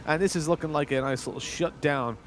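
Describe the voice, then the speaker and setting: A man with a fairly high voice gives relaxed color commentary on an esports match, mixing analysis with jokes. Faint game sounds play under his voice. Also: a little fast, slight background noise. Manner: laid-back, jokey analysis. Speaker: esports co-caster.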